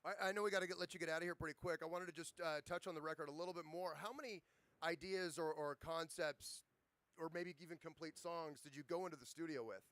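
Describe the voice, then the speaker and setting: Radio host: fast, fairly high, smooth male voice, halting questions, dry close sound. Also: a bit bright, no echo. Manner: halting, long rambling questions with restarts. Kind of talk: casual interview questions.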